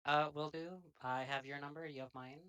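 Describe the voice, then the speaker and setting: A player speaking in character in a tabletop game, quick and offhand. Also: mid-range voice, fairly even intonation, fairly bright tone, clean tone.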